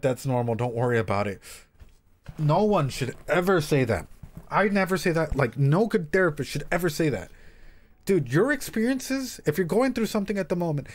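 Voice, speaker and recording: Brief: young man, therapist on a reaction stream, loose and animated, swears, addresses the chat directly. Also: on the high side. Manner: animated, swears, talks straight to viewers.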